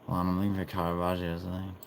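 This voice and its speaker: A male streamer with a very low voice chats loosely with his viewers. He banters and swears freely as he reads their messages aloud. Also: monotone, fast, a little hiss or hum. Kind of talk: casual livestream chat reading viewers' messages.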